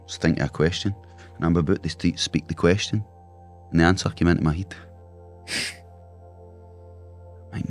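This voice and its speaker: A man's voice: low-pitched, lively intonation, fairly quick, pauses often, faint music behind. A man telling vivid, swearing anecdotes in a casual chat as a guest.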